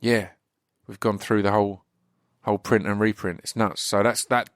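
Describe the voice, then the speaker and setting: A man with an English accent hosting a podcast, his voice slightly croaky, chatting casually in a rambling way with many restarts. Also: on the low side, steady tone, normal speed, no room sound, clean studio sound. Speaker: podcast host. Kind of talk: casual solo intro.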